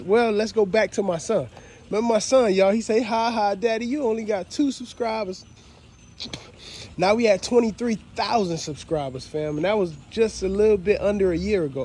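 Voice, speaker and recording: His voice sits high but has a darkish tone, with some hiss or hum in the background. Walking around his dog kennels outdoors with phone in hand, this breeder records a casual thank-you vlog, speaking heartfelt and repetitively to viewers he addresses as "fam."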